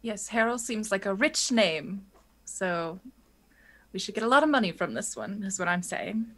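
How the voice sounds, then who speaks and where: A woman's voice: medium pitch, lively intonation, normal speed, a bit bright. A woman playing a tabletop game online with dry, mock-formal jokes. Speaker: player. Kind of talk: playful in-character banter.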